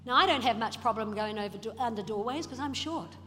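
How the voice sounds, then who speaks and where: A woman's voice: on the high side, fast. A woman preaching a sermon to her congregation, exhorting with rhetorical questions. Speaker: pastor. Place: church hall. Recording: reverberant hall with music underneath.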